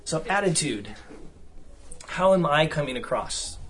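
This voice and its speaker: A man's voice: a little high, lively intonation, unhurried, a bit bright, slight background noise. Conversational man leading a seminar session. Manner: conversational, asks the room questions often. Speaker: seminar speaker. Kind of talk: seminar talk with audience discussion.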